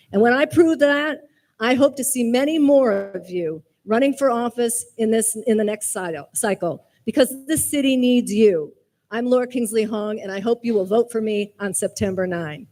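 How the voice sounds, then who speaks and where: A woman's voice: fairly high pitch, darkish tone. A woman running for mayor giving an earnest, direct closing statement at a community forum, repeating lines for emphasis. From American. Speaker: mayoral candidate.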